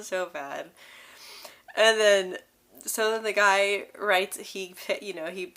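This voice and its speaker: A young woman talks straight to her viewers in a casual, candid way. Her stutter shows as repeated syllables and blocked words. Her voice sits a little low for a woman. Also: a bit bright. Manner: candid, laughs between phrases. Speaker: vlogger. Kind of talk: casual storytelling to camera.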